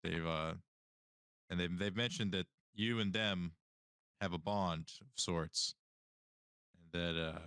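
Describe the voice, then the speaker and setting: Deep, halting male player. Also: steady tone, a bit bright, clean tone, no room sound, clean studio sound. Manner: halting, with many restarts. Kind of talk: role-playing a character at a tabletop game.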